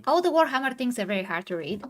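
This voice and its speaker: A woman's voice: fairly high pitch, big pitch swings, fast talker. A woman hosting a gaming news stream, chatting casually and reading an interview aloud, stumbling now and then over hard names. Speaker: stream host.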